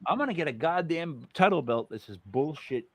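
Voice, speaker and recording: A man's voice: a little high, expressive, fairly quick, noisy background. An American man hosting a podcast, chatting casually in a blunt, joking way and swearing freely. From United States. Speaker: podcast host.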